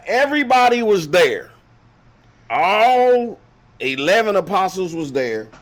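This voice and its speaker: A man hosting a show, retelling a Bible story as casual comedy with slang, acting out the characters in lively voices. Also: fairly high pitch. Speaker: host.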